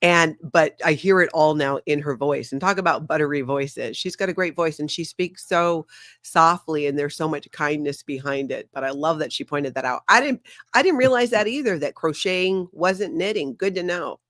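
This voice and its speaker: Excitable woman with a radio-trained voice. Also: low voice, normal speed, no room sound, studio quality. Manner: excitable, animated, laughs often; projecting former radio voice. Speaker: guest co-host. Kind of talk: casual livestream chat. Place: home office. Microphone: desk mic.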